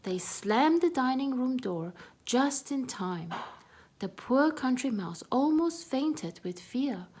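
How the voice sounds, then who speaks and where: A woman reads a children's storybook aloud in a slow, soft, gentle way. Her voice sits fairly high and stays calm and careful. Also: husky.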